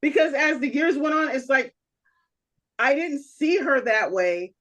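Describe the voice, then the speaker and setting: A woman's voice: high voice, expressive, unhurried, fairly bright tone. A woman co-hosting a podcast in casual chat, rambling with lots of "you know" and laughing often. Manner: laughs often while telling stories. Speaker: podcast co-host.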